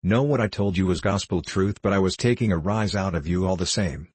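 A man's voice: sits low, fairly quick, a little mellow, breathy edge. A man reading as a sly, dogged brother. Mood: teasing. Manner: dogged, teasing. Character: sly, genial man back from the tropics.

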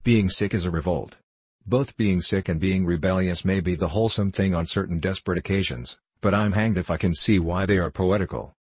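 A man's voice: sits low, a little fast, breathy edge, dry recording. A man voicing a passionate young male poet in an audiobook reading, speaking in a declamatory way. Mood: impassioned. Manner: impassioned, declamatory.

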